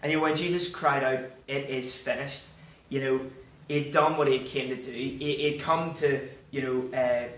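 A man giving an informal, earnest sermon, halting and full of filler words and restarts. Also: medium pitch, steady tone, a bit bright. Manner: earnest, encouraging. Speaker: church speaker. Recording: roomy, mic at a distance, faint background noise.

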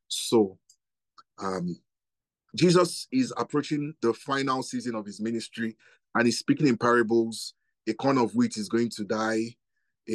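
A man's voice: mid-range voice, no echo. A middle-aged man preaching a sermon as guest pastor, with emphatic delivery and rhetorical questions that repeat.

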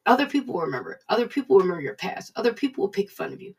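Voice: mid-range voice, sing-song, racing, slightly rough, far from the mic. A preacher giving a casual devotional talk, conversational and repeating points for emphasis.

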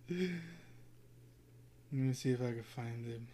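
A man's voice: medium pitch, fairly even intonation, slow, warm tone. A man in casual chat as a podcast co-host, swearing freely, laughing often and telling anecdotes.

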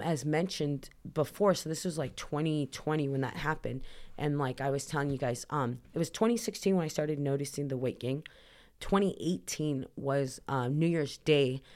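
A woman's voice: low-pitched, normal speed, darkish tone. A woman as a podcast guest, earnestly telling a personal story in a rambling way, full of "like" fillers. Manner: earnest, emotional retelling.

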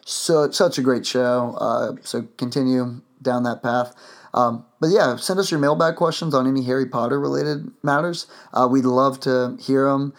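A man's voice: medium pitch, fairly even intonation, moderate pace. A man hosting a podcast, chatting casually and rambling with lots of fillers and restarts. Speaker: podcast host.

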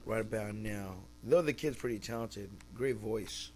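A man's voice: fairly low pitch, measured pace, warm tone, faint music behind. A young man from California hosting a casual solo podcast, talking in a laid-back, slangy and profane way. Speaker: podcast host.

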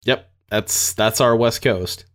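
A man's voice: on the low side, slow pace, fairly bright tone. A man in casual podcast chat, laid-back and agreeable, often chuckling.

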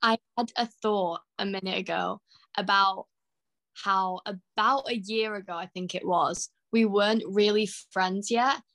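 A young woman co-hosting a podcast over a call, soft-spoken, agreeable and a little hesitant. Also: medium pitch, steady tone, measured pace, no echo. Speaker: podcast co-host. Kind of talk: casual chat.

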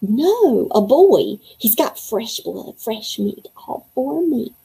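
A woman's voice: on the high side, big pitch swings, takes it slowly, creaky, mellow, breathy edge, heavily acted, low-quality recording. A woman voicing a big, hungry female monster who growls her lines in a storybook reading. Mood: menacing. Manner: growling, menacing.

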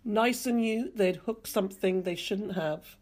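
A woman reading a novel excerpt aloud with expressive narration. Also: medium pitch, a little slow. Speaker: reader. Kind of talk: audiobook reading.

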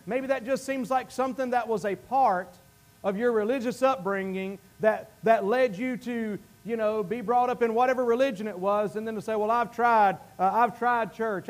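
A man preaching a sermon with passion, swinging from loud, emphatic peaks to hushed lines, often repeating phrases. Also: very high-pitched. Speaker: pastor.

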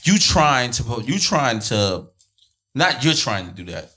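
A man's voice: mid-range voice, big pitch swings, slightly rough. A man hosting a casual podcast conversation, talking over others to finish his point. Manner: fast, forceful, talks over others. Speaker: podcast host.

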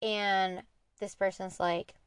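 A woman's voice: mid-range voice, level tone, slow pace, clear, resonant tone, no echo. A young woman hosting a podcast, candidly retelling a personal story in an earnest, conversational monologue. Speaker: podcast host.

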